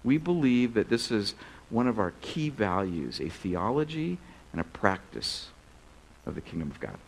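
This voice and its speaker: A male pastor preaching to a crowded church. His pitch swings widely as he tells stories in a casual, animated way, full of loose filler words. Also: moderate pace, creaky, a little hiss or hum, rough recording. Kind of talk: sermon with storytelling.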